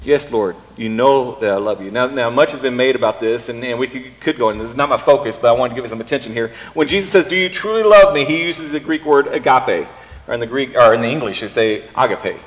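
Man preaching in a reverberant hall. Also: mid-range voice. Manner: halting, repeats words, thinks aloud. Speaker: pastor. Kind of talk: sermon.

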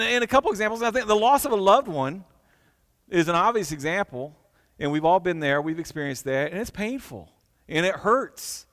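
A male pastor preaching earnestly, stumbling and repeating words as he asks the congregation questions. His voice sits a little high for a man and rings with the long reverb of a church hall. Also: fairly bright tone. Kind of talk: sermon.

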